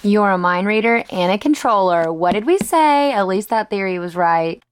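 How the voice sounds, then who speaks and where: A woman's voice: medium pitch, expressive, moderate pace, a little hiss or hum. Gushing young woman book vlogger. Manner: gushing, dramatic reactions. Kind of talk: casual reading vlog chat.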